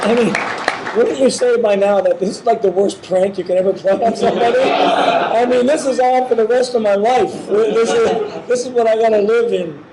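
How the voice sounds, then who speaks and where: A man's voice: sits high, normal speed, heavy background noise. A man hosting a live podcast, telling a story with lots of laughter and restarts. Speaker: podcast host. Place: convention room with audience. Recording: echoey room with crowd.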